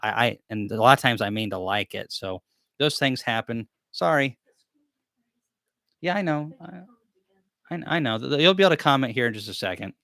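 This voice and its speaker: A man's voice: mid-range voice, animated, moderate pace, gravelly, pauses often, a bit bright, dry recording, clean studio sound. A man hosting a live-stream question-and-answer chat, talking in a rambling, easygoing, self-deprecating way. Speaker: beekeeping channel host.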